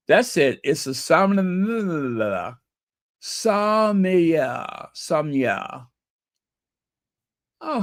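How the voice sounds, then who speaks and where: A man's voice: mid-range voice, no echo, studio quality. A man hosting a live stream, chatting in a rambling, playful way and repeating words over and over as he tries out how to say them. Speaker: channel host.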